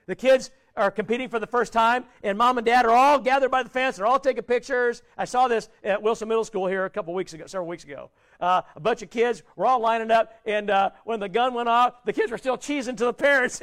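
Man, pastor, very high-pitched, sermon, questions to the congregation, soft trailing phrase endings. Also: lively intonation, a little fast. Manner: asks the congregation many questions, conversational preaching; drops voice low and quiet at ends of phrases.

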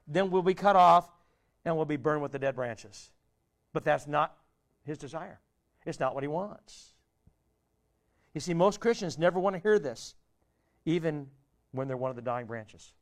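A man pastor delivering a sermon, pleading and rhetorical, swinging between loud appeals and hushed quiet asides. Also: high voice.

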